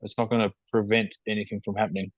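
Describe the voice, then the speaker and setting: A man with a New Zealand accent, a guest in a casual podcast interview, speaking in a measured, matter-of-fact way over a video call. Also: fairly low pitch, level tone, no room sound. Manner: measured, matter-of-fact, calls himself rational. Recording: dull, dry video-call audio.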